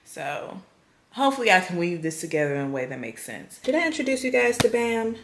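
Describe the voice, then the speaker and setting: A woman talks to her camera in a loose, chatty vlog style, recounting her day with amused exasperation. Her voice sits on the lower side. The room around her is roomy and echoey, with a faint hiss of noise beneath. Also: sing-song, a little fast. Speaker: vlogger.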